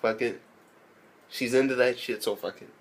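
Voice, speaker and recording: A man's voice: mid-range voice, fairly even intonation, normal speed, gravelly. A man recapping an anime episode in a casual, profane way, often incredulous and laughing as he retells it. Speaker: anime reviewer.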